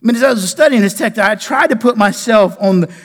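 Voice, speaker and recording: A man, a pastor preaching a sermon, animated with loud bursts and quiet drops. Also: high-pitched, fast. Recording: long reverb of a large hall.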